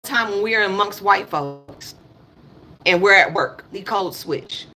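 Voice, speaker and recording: Blunt woman with a bright voice. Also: mid-range voice, measured pace. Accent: African American English. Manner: blunt, emphatic, repeats points, swears. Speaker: livestream host. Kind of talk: casual political livestream rant.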